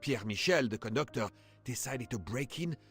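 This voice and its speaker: An actor playing an anxious, urgent train director in a video game. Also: male voice, mid-range voice, expressive, normal speed, fairly bright tone, soft background music. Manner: urgent and pleading.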